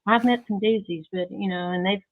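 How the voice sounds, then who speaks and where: A woman talks casually as a podcast guest, giggling and joking at her own expense. Her voice comes through narrow and tinny, like a phone line, at a middling pitch. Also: steady tone, brisk. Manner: bubbly, laughs often, self-deprecating. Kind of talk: casual interview chat. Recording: thin phone-like sound.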